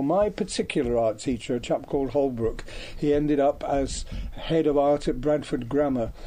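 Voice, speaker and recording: A dark-toned, medium-pitched voice belongs to an older man from Devon, England, reminiscing about his past as a guest. His talk is halting, peppered with ums and restarts.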